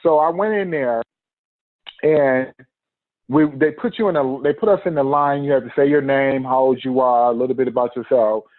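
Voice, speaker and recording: A man's voice: medium pitch, moderate pace, no echo. A man telling a personal story in a podcast interview, acting out the quotes and laughing often. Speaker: podcast guest. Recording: tinny phone-line sound, dry.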